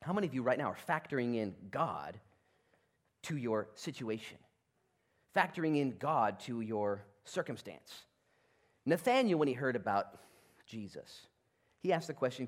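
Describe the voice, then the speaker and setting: A man's voice: medium pitch, sing-song, moderate pace, pauses often. A man pastor preaching a sermon, telling the story with energy and acting out the people in it.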